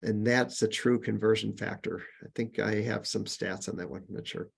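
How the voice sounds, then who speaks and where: A man's voice: lowish voice, steady tone, moderate pace, vocal fry, breathy edge. A man presenting a business webinar in a conversational manner, with frequent fillers and restarts, lifting his voice on each numbered point. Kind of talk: casual webinar teaching.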